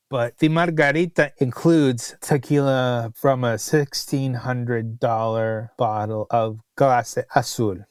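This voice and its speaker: A man's voice: mid-range voice, clear, resonant tone, dry recording. A man co-hosting a podcast and telling a long restaurant story in casual chat, with exasperated asides. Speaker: podcast co-host, restaurant critic.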